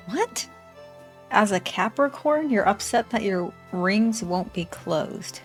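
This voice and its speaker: Lower-voiced woman reacting, chatty. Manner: chatty, laughing asides to viewers. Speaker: reaction channel host. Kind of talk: casual reaction commentary.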